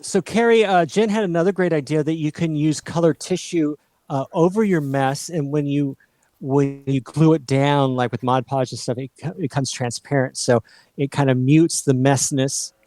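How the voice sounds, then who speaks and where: A man's voice: on the high side, moderate pace, dark tone, dry recording. A man co-hosting a casual livestream, reading out viewer comments in a chatty, self-deprecating way.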